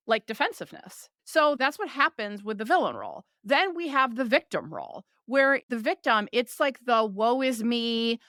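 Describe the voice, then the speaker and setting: A woman hosting a podcast, explaining ideas in a lively, conversational way and often acting out the complaints she describes. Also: fairly high pitch, moderate pace, hardly any pauses, no echo, clean studio sound. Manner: animated, voices quoted complaints for illustration. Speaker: podcast host.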